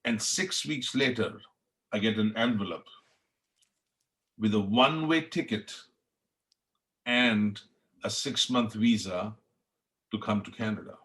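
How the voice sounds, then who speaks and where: A middle-aged man with an Indian accent speaks in a somewhat low voice. He tells his story as an interview guest, earnest and passionate. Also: takes it slowly, pauses often, a bit bright. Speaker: chef, podcast guest. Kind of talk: reflective interview talk.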